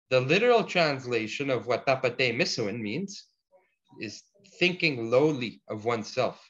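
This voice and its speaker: A man teaching a language class, patiently explaining word forms and repeating each example slowly for the learners. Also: medium pitch, fairly bright tone. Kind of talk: online language lesson. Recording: dull lo-fi audio.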